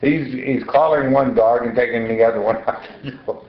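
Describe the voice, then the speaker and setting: An older man being interviewed in the front room of his home, halting and repeating his words as he recounts events. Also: mid-range voice. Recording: muffled, echoey room recording.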